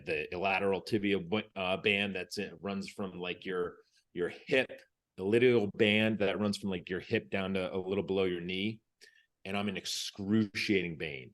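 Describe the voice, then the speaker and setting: A man's voice: low voice, a bit bright. A man from the United States, a former Navy SEAL, telling a story as a podcast guest. He talks casually, acts out what people said and restarts his phrases.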